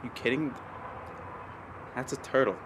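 A man's voice: mid-range voice, measured pace, noisy background. A young man vlogging casually while walking through an outdoor park, joking and ranting in mock exasperation.

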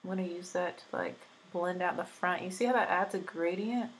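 A woman's voice: fairly low pitch, fairly quick, slight background noise, rough recording. A woman in her twenties chatting casually through a makeup tutorial, rambling with lots of fillers, recovering from being sick. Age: 20s. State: recovering from illness. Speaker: beauty vlogger.

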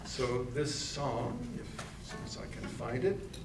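A man's voice: mid-range voice, animated, a little slow. Man telling stories between songs, roomy sound. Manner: rambling anecdotal storytelling. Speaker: musician introducing songs. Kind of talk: live concert banter. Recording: roomy, distant mic, music.

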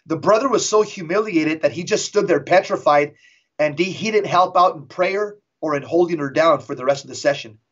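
A middle-aged man, a guest on an interview show, telling a dramatic story in an intense, emphatic way and slowing down for effect. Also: on the high side, a bit bright, husky. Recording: dull lo-fi audio.

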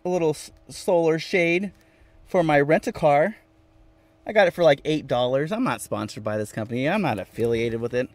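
A man's voice: fairly high pitch, lively intonation, normal speed, dry recording. Playful man chatting from his van. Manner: playful, repeats phrases, reads viewer comments aloud. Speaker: vanlife livestream host. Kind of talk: casual live-stream chat reading comments. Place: inside a van.

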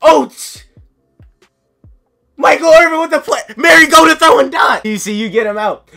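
A man giving excitable live gameplay commentary, yelling, chanting cheers and talking himself through nervous moments. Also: extremely high pitch, moderate pace, creaky, faint music behind. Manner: yells and chants, sings cheers, flustered self-talk. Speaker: gaming commentator.

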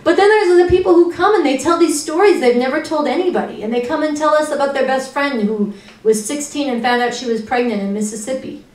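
A fairly high-voiced woman speaks as an activist, urgent and earnest as she tells one story after another. The sound comes from a room with noticeable echo, picked up from some distance off the mic. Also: a little fast. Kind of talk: impassioned spoken talk.

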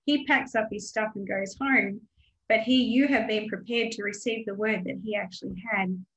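A woman's voice: medium pitch, fairly even intonation, moderate pace, a bit bright, lo-fi sound. A woman guest, a mentor who runs an online course, speaking earnestly and explaining her point in a casual video-call chat. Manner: earnest, teaching tone.

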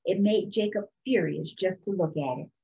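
A woman reading a children's picture book aloud for storytime in a calm, expressive way. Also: on the low side, normal speed, vocal fry, dull audio. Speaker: storytime reader.

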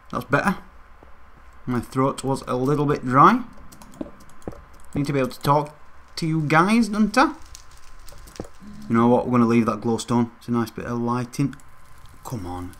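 A man's voice: medium pitch, lively intonation, moderate pace, long pauses, fairly bright tone. A young man hosting a gaming channel, chatting casually to his viewers as he plays. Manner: chatty, talks straight to viewers. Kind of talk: casual gameplay commentary.

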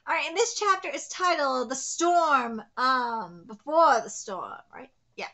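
Super high-pitched woman fangirling over a manga chapter on stream, voice bouncing all over. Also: expressive, unhurried, sharp tone. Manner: gushing, exclaiming, fangirling. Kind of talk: live manga reaction.

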